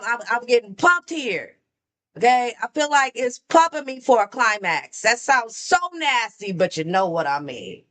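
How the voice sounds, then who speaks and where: A woman hosting a music reaction, commenting in an excitable, exclamatory way and talking straight to her viewers. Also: on the high side.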